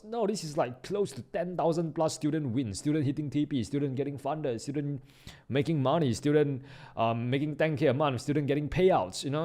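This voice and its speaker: A man giving live trading commentary, slangy and excitable, jumping from loud hype down to low mutters. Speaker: trading YouTuber.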